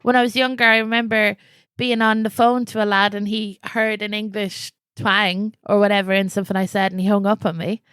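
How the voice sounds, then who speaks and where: A woman from Ireland co-hosting a podcast over a video call, playful and quick to laugh. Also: medium pitch, flat delivery, a bit bright, smooth, no echo. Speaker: podcast co-host. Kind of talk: casual comedic chat.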